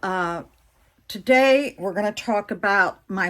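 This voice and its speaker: A woman's voice: medium pitch, a little slow, a bit bright. A woman in her sixties, a vlogger chatting candidly to her viewers, telling a personal story with plenty of fillers and asides. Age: 60s. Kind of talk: casual storytelling to camera.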